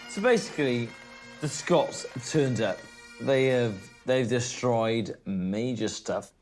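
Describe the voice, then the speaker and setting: A man comedian retelling history in a jokey, animated way, slipping into voices. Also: medium pitch, takes it slowly, soft background music. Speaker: comedian storyteller.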